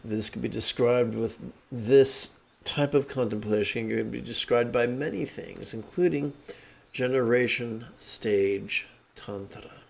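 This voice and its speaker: A man, a meditation teacher, guiding a meditation with monotone mantra chanting and relaxed, joking asides. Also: mid-range voice, takes it slowly, gravelly.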